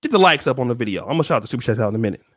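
A man telling a profane comedic story to his stream in animated, slangy talk. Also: mid-range voice, racing, no room sound, clean studio sound.

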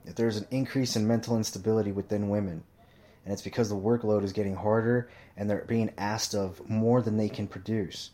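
A young man talking casually into a mic in a profane, rambling monologue, swearing constantly and telling animated stories. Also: on the low side, brisk. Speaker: commentator.

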